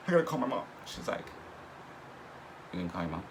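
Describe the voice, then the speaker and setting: A young man telling a casual story, animated and profane, often laughing as he goes. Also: fairly low pitch, a little fast, long pauses. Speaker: vlogger. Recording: noticeable background noise.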